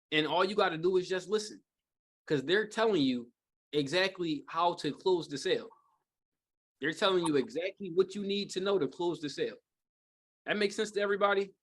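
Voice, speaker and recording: A man giving a live sales training talk to a group, speaking in a casual, rambling way with lots of fillers and rhetorical "right?" checks. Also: sits high. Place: training room with a live audience.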